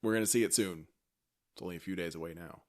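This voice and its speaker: A man co-hosting a podcast, chatting casually and playfully about a TV episode like an excited fan. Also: sits low, fast talker. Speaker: podcast co-host. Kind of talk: casual chat recapping a TV episode.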